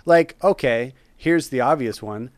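A man chatting casually as a podcast co-host, his voice smooth and resonant. He talks with eager enthusiasm, sometimes circling back on his words. The sound is close and dry. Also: medium pitch, measured pace, no echo. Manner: enthusiastic, rambling with restarts. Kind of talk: casual chat.

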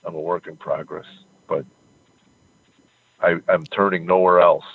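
A man telling the story of his faith in an earnest, halting way, choking up at times. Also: low-pitched, flat delivery, creaky, breathy edge. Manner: earnest, halting, chokes up when moved. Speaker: comedian guest. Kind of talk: emotional faith testimony. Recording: tinny phone-like line.

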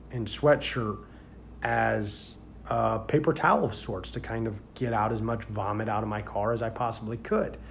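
A man of average pitch tells a story as a sheriff's deputy, casual and rambling, full of fillers and restarts. He grows loud and animated as the story builds. A faint noise sits under his voice. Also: creaky.

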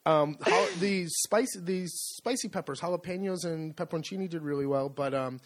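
A man co-hosting a relaxed podcast, his voice sitting a little high for a man. He talks in a loose, rambling way, full of ums and false starts. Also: normal speed. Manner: rambling, many fillers and restarts. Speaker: podcast co-host. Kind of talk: casual chat.

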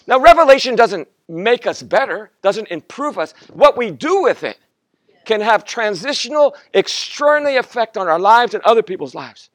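A man's voice: high-pitched, very animated, normal speed, no room sound. A man in his fifties, a guest pastor, preaching a sermon and telling a personal story with acted-out quotes, stumbling and restarting often.

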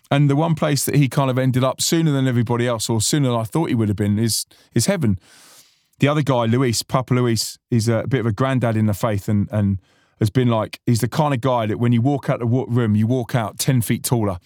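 This musician hosting a podcast has a brisk, medium-pitched voice with a darkish tone. He talks in a laid-back but earnest way, wandering and restarting frequently as he reflects, and the clean studio recording is dry.

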